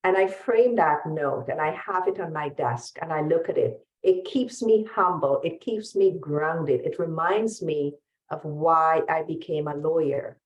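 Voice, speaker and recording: A woman's voice: low voice, measured pace, dull audio. A woman refugee lawyer speaking earnestly on a webinar panel, telling stories from her work. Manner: earnest, storytelling. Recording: echoey room sound.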